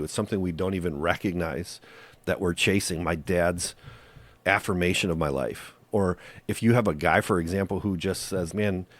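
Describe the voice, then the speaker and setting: A man's voice: low voice, no room sound. A male podcast host giving faith-based relationship advice in an earnest, conversational monologue that leans on rhetorical questions.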